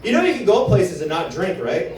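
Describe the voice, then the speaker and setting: A young male stand-up comedian works a club crowd, his high voice swinging up and down as he acts out the people in his stories. The sound is roomy and picked up from a little distance, as in a live club. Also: fairly quick. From Canada. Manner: animated storytelling with acted-out quotes.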